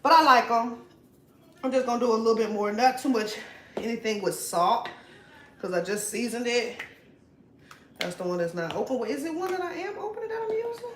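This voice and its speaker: A young woman chatting casually while cooking at home, profane and laughing often, her voice swinging between loud and soft. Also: on the high side, animated, brisk, long pauses. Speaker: vlogger. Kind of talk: casual cooking vlog chat. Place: home kitchen. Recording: echoey room, faint noise.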